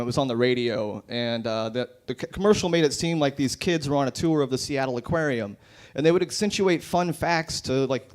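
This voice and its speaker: Man, slightly high voice, deadpan one-liners, open mic stand-up, brewery bar.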